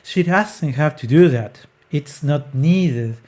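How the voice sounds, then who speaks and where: A singing coach walks through an aria at a slow, deliberate pace, choosing words carefully and often starting them over. Short sung syllables break up the explanation to show how a phrase should move. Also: medium pitch, animated, dark tone. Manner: sings short demonstration syllables between explanations.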